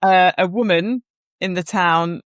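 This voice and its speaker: A woman's voice: fairly low pitch, unhurried, dry recording, clean studio sound. A woman co-hosting a podcast who tells stories in an easygoing, curious way and thinks aloud as she goes. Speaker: podcast co-host. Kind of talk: casual chat.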